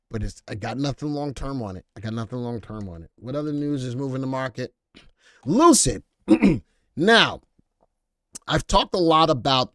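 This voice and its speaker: A man hosting a live stock market commentary show, animated and joking as he reads viewer comments aloud. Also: mid-range voice, no room sound, studio quality.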